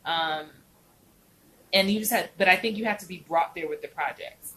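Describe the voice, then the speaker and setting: A woman's voice: fairly low pitch, normal speed, sharp tone, a little hiss or hum, rough recording. A woman acting coach hosting a casual live stream, chatting animatedly and answering viewers' comments by name.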